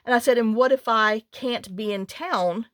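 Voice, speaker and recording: A woman's voice: on the high side, normal speed, no echo, studio quality. A middle-aged woman, chatting and rambling through a story as a craft channel host. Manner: rambling, animated, with many restarts and quoted dialogue.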